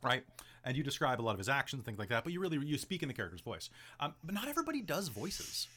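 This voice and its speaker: A man in casual podcast talk, rambling through game-master advice with plenty of "like" and "um". His pitch swings up and down as he talks. The voice sits at an ordinary middle pitch. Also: very animated, quick pace, sharp tone. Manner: chatty, rambling, heavy use of "like" and "um".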